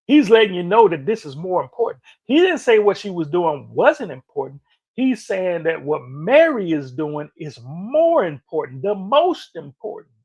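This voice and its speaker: A man preaching a motivational sermon as a minister, emphatic and animated, with lots of repeated phrases. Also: high voice, moderate pace, slightly rough.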